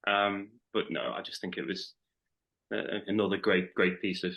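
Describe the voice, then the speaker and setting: A man's voice: low-pitched, normal speed, lo-fi sound. A man with a Liverpool accent, a podcast guest chatting casually and thoughtfully, often restarting his sentences. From Liverpool, England. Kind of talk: casual chat.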